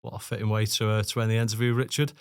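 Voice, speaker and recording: A man's voice: lowish voice, level tone, racing, smooth, no room sound, clean studio sound. A British man hosting a podcast interview in a friendly, laid-back way. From United Kingdom. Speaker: podcast host. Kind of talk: casual interview chat.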